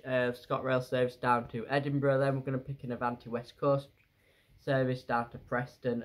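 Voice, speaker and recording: A man from England chatting to camera in a travel vlog, rambling with fillers and asides from a hotel room. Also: medium pitch. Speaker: travel vlogger. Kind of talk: casual vlog chat to camera.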